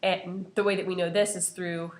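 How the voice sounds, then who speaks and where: A woman's voice: lowish voice, level tone, moderate pace. A young woman presenting an analysis of a poem to her class, earnest and full of "you know" fillers. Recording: echoey room.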